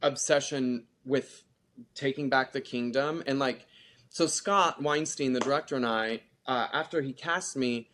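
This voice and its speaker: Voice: mid-range voice, unhurried, a little hiss or hum. Chatty theater actor full of "like". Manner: chatty, animated, lots of filler "like". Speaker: theater actor, podcast guest. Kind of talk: casual interview chat.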